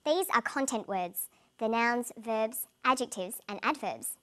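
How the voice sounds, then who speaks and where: A woman with a fairly high voice hosts a scripted English lesson. She speaks clearly and carefully, pronouncing each word for learners. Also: expressive, a bit bright. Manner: clear, measured, carefully enunciated delivery. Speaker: English language teacher presenting the lesson. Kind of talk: scripted educational presenting.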